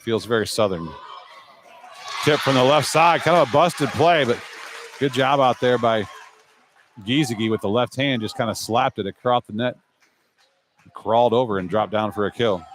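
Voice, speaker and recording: A man doing live play-by-play commentary as the show's announcer, brisk and chatty, with casual asides between rallies. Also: lowish voice, a little hiss or hum.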